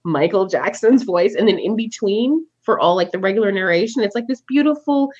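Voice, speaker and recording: A woman's voice: medium pitch, a little fast. A woman talks through a book on a casual podcast, her voice swooping up and down as she laughs and acts out her own reactions. The sound is a little dull, like lo-fi podcast audio. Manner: laughs often, animated storytelling. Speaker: podcast host.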